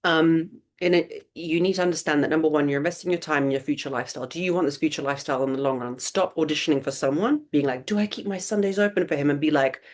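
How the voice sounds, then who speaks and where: A woman's voice: deep voice, fast talker, few pauses. A woman in her thirties hosting a live webinar Q&A, answering viewer questions with blunt, emphatic advice and lots of rhetorical questions.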